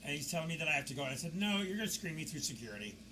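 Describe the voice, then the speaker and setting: A man narrating security camera footage as a video commentator, telling the story in a lively way with mocking asides. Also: on the high side, rapid-fire, noisy background.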